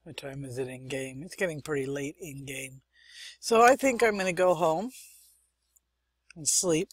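In a low-pitched voice with a breathy edge, a young woman narrates a let's-play a little slowly, thinking aloud and muttering asides between chatty remarks. She hosts a gaming channel, and there is no echo.

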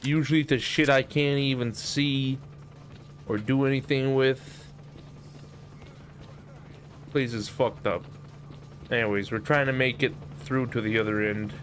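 A young man streaming a game live, rambling and cursing in casual commentary, with sudden shouts. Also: medium pitch, fairly even intonation, a little slow, pauses often, soft background music. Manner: rambling, profane, sings and shouts in bursts. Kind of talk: casual let's-play commentary. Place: home streaming setup.

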